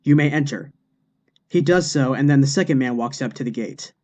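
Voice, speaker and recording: A man's voice: mid-range voice, brisk, darkish tone. A man narrating a series of scripted jokes in a matter-of-fact reading voice. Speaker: joke narrator.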